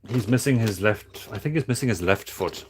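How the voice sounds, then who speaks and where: A man streaming casually while building toys, talking in a flat, monotone way with many halting restarts. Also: on the low side, noisy background. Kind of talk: casual livestream chat.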